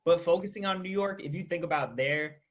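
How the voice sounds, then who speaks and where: A man's voice: a little high, a little fast. Rambling man thinking aloud. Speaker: podcast panelist. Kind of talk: casual debate chat.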